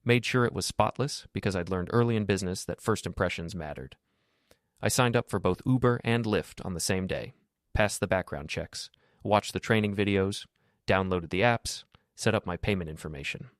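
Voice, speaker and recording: A man with a very low voice narrates a scripted first-person story. His delivery is steady and matter-of-fact, and the recording is dry and close. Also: normal speed, no echo.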